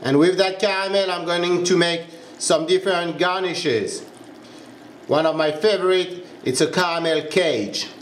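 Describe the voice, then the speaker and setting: A man's voice: high voice, unhurried, echoey room, a little hiss or hum. A man with a French accent, a pastry chef giving a step-by-step cooking demonstration in a kitchen. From France. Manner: instructive, step-by-step, checks in with "huh?".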